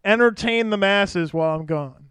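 A young man co-hosts a casual podcast, teasing his partner and laughing often. His voice sits high and smooth, recorded close and dry. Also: moderate pace, fairly bright tone, no echo. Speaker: podcast co-host. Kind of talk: casual chat.

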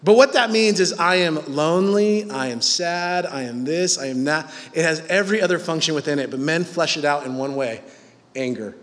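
High-voiced guy preaching, jokey and self-deprecating, big echoey hall. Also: normal speed, fairly bright tone. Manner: humorous, self-mocking, conversational. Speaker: pastor. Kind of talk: sermon.

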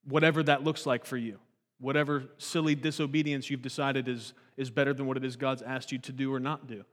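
A man in his thirties preaching a sermon in a conversational, animated way, often restarting his sentences. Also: mid-range voice, a little fast, long reverb tail. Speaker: pastor.

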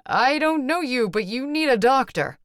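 A woman's voice: high-pitched, expressive, moderate pace, no echo, studio quality, pitched above the performer's own voice. A woman voicing a bewildered young man in an audiobook, blurting raised exclamations.

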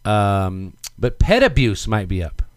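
Joking man with a lively voice. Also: on the low side, measured pace, dry recording. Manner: joking, reads news items then riffs. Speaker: co-host. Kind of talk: casual banter show.

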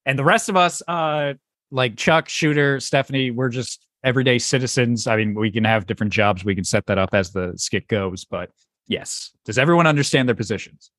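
This podcast host, a man with a mid-range voice and a fairly bright tone, talks a little fast as he rambles through the setup for improv skits. It's casual chat packed with fillers, with laughs between phrases. The sound is clean studio audio without room sound.

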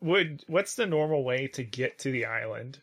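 A man's voice: mid-range voice, expressive, moderate pace, a bit bright, husky. A man playing in a tabletop role-playing game, asking curious questions and making jokes. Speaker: player. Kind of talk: casual tabletop play.

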